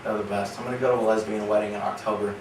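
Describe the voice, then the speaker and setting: A man's voice: fairly low pitch, flat delivery, very fast, noisy background. A young man in his early twenties performing a stand-up comedy set, telling rambling, offhand stories. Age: young adult. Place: small comedy theater. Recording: roomy live club sound from a distance.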